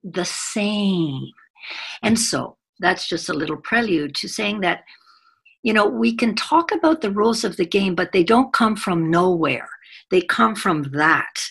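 A woman's voice: mid-range voice, moderate pace, gravelly, husky. A middle-aged woman giving a conference talk as a workplace trainer, telling stories with animation. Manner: animated storytelling, acts out quoted children. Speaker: corporate gender trainer.

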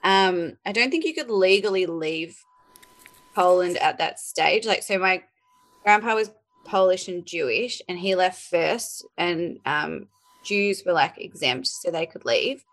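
A woman, a podcast guest, telling family stories in a relaxed chatty way with many fillers. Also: lowish voice, unhurried. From Australia. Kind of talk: casual chat.

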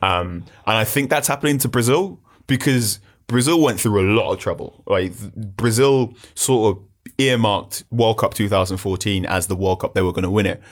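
A man rambling through animated, storytelling football chat on a podcast. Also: on the low side, moderate pace. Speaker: podcast panelist.

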